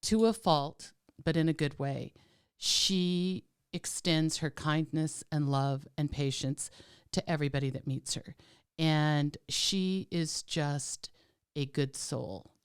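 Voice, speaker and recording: This podcast co-host has a slow, clear voice that sits low with a resonant tone. Her casual banter is warm and teasing, peppered with plenty of "like" and "um".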